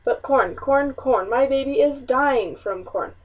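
Brief: a woman doing an anguished colonial mother at breaking point, high, muffled and distant. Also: measured pace. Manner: sobbing outbursts, then hushed and hollow. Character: grief-stricken pioneer mother, strong but breaking. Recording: muffled, slightly distant recording.

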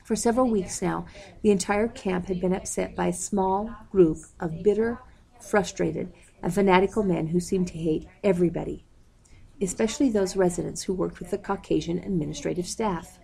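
A woman reads a storybook aloud in a low, dark voice with a gravelly edge. Her delivery is measured and unhurried, and she calls out page numbers along the way. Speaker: audiobook reader.

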